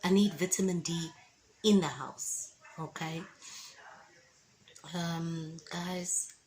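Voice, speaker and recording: A woman shares an emotional faith testimony at home, speaking slowly and deliberately. Her voice sits a little low, and she talks with fervent feeling, often asking her listeners if they understand. A faint hum of noise runs underneath. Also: steady tone, a little mellow, low-quality recording. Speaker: Christian vlogger giving a testimony. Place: at home indoors with windows open.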